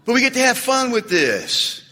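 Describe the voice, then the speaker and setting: A man speaking at a recovery meeting, an animated storyteller who jokes and acts out quotes. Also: very high-pitched, normal speed, a faint crowd. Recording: echoey hall recording.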